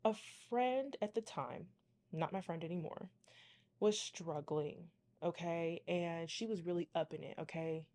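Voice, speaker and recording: A woman's voice: on the low side, unhurried, dark tone. Chatty woman telling a dramatic storytime. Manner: chatty, dramatic, talks to the viewers as y'all. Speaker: tarot reader and channel host. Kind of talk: casual storytime.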